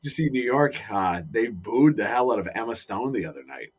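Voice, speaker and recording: A man's voice: lowish voice, lively intonation, a little fast, slightly rough. A man in casual chat, chiming in with questions and asides. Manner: chatty, jumps in with asides and questions.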